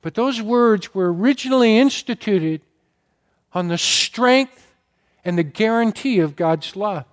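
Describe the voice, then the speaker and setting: A man with a fairly high voice preaches a sermon to his congregation. He tells stories earnestly, with deep feeling that sometimes catches in his throat. His delivery rises and sinks as he stresses key words. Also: normal speed, few pauses, a little mellow. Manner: earnest, emotional storytelling, gets choked up. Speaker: pastor.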